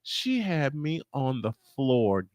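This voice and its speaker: A man from Chicago hosting a casual podcast chat and telling animated stories. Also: medium pitch, slow pace, no room sound. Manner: animated storyteller. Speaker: show host.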